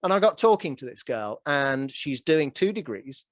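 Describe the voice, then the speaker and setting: A man in his early forties hosting a casual interview, telling stories with animated energy and a self-deprecating chuckle. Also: medium pitch, normal speed, dry recording, clean studio sound. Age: 40s. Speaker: podcast host.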